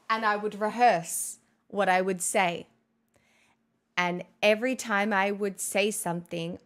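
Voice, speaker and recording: A young woman live streamer chatting casually and rambling at her desk, self-mocking and swearing freely into a good studio mic. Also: lowish voice.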